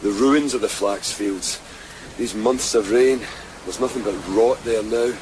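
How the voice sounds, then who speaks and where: An actor playing a kindly, concerned village weaver with a Scottish accent, speaking plainly and coaxingly in a radio drama. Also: male voice, on the low side, a little slow, noisy background, close to an everyday voice. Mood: gentle concern. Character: Thomas Buchan, a kindly middle-aged village weaver.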